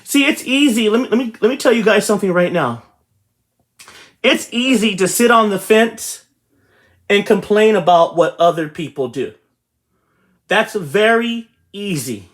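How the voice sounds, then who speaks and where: A man's voice: high-pitched, lively intonation, unhurried, long pauses. A man hosting a real estate channel, giving a motivational talk to his viewers and repeating his points emphatically. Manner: repetitive, emphatic, addresses viewers directly.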